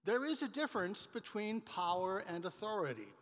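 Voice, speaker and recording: A male pastor with a high, bright voice, delivering an unhurried storytelling sermon in a reverberant church. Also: very animated. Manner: storytelling, measured, with some restarts.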